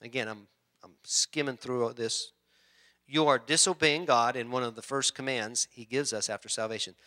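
A middle-aged man preaching as a pastor, conversational and halting, often clearing his throat and restarting sentences. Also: medium pitch, fairly even intonation, pushed and bright. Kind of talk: sermon.

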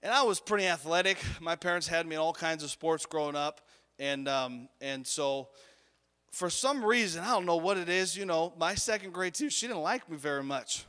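A male pastor delivering a sermon with animated storytelling and abrupt shifts between loud and hushed. His voice sits high, bright and clear, carried by the long reverb of a church hall. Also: normal speed. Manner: animated storytelling, sudden volume swings.

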